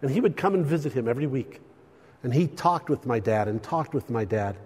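An older man preaching a sermon, telling stories with lively swings between loud and hushed delivery. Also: mid-range voice, fairly quick, husky, long reverb tail.

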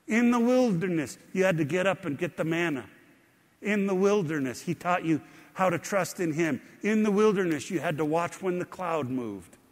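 A man's voice: sits high, in a large hall. A middle-aged man preaching a sermon as a pastor, conversational with rising emphasis.

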